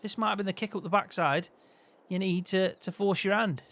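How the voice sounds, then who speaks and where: A man's voice: high voice, brisk. A man hosting a farming game role-play, bantering cheekily with a friend. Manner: cheeky, teasing, lively banter.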